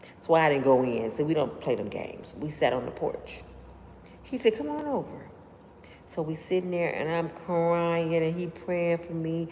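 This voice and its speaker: A woman hosting a livestream, telling stories straight to her viewers in an animated, slangy way. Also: low-pitched, normal speed. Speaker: livestream host. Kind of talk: casual storytelling to live viewers. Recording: long room reverb, faint background noise.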